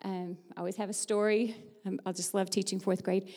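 A woman's voice: mid-range voice, little pitch movement, fairly quick, a little mellow. A woman who teaches fourth grade, giving an upbeat, chatty church talk in her teacher voice, laughing easily and leading the crowd. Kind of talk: lively church devotional with audience participation. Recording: long hall reverb.

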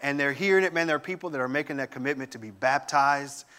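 A man giving a sermon, telling lively family stories with humor and enthusiasm. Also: mid-range voice, quick pace, smooth. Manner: animated storytelling with humor. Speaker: guest preacher.

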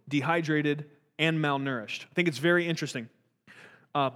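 A man's voice: fairly high pitch, a bit bright, big-room sound. A man giving a conversational Bible teaching, earnest and talky, with frequent restarts and rhetorical questions.

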